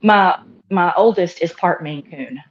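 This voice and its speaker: A woman's voice: on the low side, a little slow. A woman chatting on a livestream, curt and exasperated. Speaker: livestream participant. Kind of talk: casual group chat. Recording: muffled lo-fi audio.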